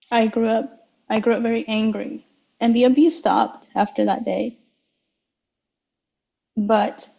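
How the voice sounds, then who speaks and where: Soft, flat-voiced woman recounting her past. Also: a little high, gravelly, slightly rough, dull audio. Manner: slow, reflective storytelling with frequent restarts. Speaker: guest. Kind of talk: personal testimony in an interview.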